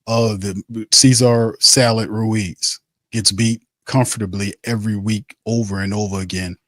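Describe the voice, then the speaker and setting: A man's voice: on the low side, steady tone, a little slow, no room sound, studio quality. A man hosting a postgame sports show. He rants bluntly and heatedly and keeps repeating his phrases. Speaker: sports talk show host.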